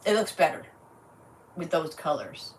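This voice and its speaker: A woman livestreams her craft project, chatting casually and musing aloud as she goes, in a low, sing-song voice at a measured pace. She's far from the mic, and faint noise is audible.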